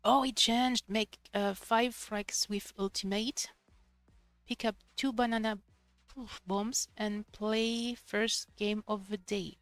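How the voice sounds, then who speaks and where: A young woman streaming a video game live, chatting excitedly to herself while she plays. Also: mid-range voice, takes it slowly, dry recording, soft background music. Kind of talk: live gameplay commentary.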